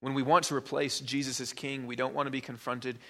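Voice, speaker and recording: A man's voice: mid-range voice, flat delivery, brisk, a bit bright. A man preaching a sermon as pastor, pressing the listener with probing rhetorical questions and emphatic repetition.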